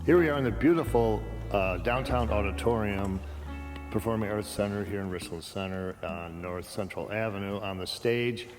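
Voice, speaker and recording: A man's voice: fairly low pitch, moderate pace, a little mellow, faint music behind. A man hosting a local show, asking short curious questions in a casual interview on a theater stage. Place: small-town theater stage. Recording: echoey hall with faint noise.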